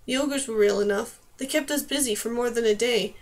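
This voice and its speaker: A woman's voice: fairly high pitch, a little fast, close to an everyday voice. Woman reading as a wry seasoned woman knight. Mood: calm.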